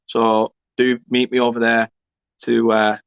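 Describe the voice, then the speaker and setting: Young bloke chatting football on a stream, cheeky n sweary, kinda dull dry mic sound. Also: male voice, mid-range voice, completely flat delivery, a little slow, gravelly, clean tone, no room sound. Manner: chatty, banter-filled, swearing, laughing asides. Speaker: fan channel host. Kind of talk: casual live-stream chat reading comments.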